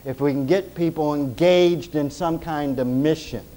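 A man preaching a sermon as pastor, emphatic, swinging between loud stresses and hushed closing prayer. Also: fairly high pitch, measured pace, poor audio.

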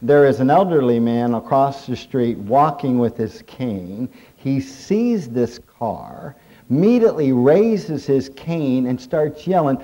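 A man's voice: medium pitch, animated, slow pace, dark tone. A middle-aged man preaching a humorous sermon, telling folksy stories and jokes as he talks. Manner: folksy storytelling with jokes and chuckles. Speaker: pastor.

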